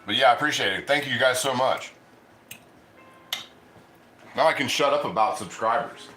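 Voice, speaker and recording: A man's voice: mid-range voice, moderate pace, pushed and bright, roomy sound, faint music behind. A man hosting a casual cooking livestream, chatting loosely and eating as he talks. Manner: chatty, rambling, eats while talking.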